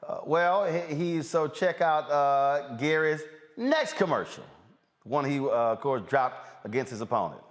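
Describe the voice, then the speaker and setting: A male host giving casual news commentary with animated, exclaiming asides between clips. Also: a little high, unhurried.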